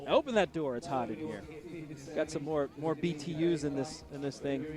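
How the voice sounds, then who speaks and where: A man's voice: fairly high pitch, lively intonation, normal speed, crowd noise. A man commentating live racing and chatting with riders in a small booth, upbeat and joking. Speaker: race commentator and pit interviewer. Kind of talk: live sports commentary and interviews. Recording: loud music behind the voice.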